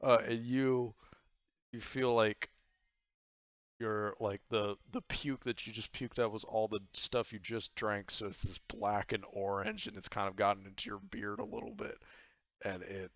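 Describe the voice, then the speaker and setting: A man's voice: on the low side, little pitch movement, measured pace, fairly bright tone, no room sound, highs cut off. A man running a tabletop game as game master, narrating loosely and laughing often.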